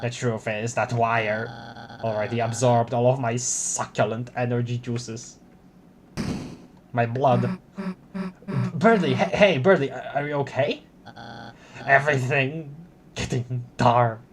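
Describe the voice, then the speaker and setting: A pompous, nerdy bird boy from a video game, read aloud by a man with grandiose, theatrical flair. The delivery is slow and drawn out, and a faint hum of noise sits behind it. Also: medium pitch, natural voice. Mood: dramatic.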